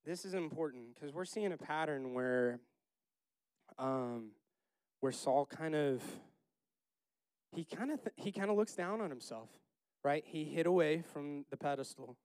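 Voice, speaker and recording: A man leading a casual Bible study, chatty and laughing, acting out the characters in quick asides. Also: a little high, lively intonation, a little mellow, clean tone, dry recording.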